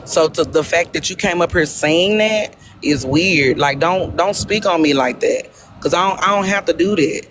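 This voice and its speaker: A woman's voice: lowish voice, moderate pace, slight background noise. A woman speaking in a heated live-stream argument, confrontational and accusatory. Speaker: live-stream debate participant.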